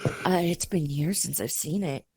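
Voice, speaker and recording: Slow-talking woman, dry close sound. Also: deep voice, mellow, breathy edge, dry recording. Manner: unhurried, halting, searches for words, laughs easily. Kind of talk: casual chat.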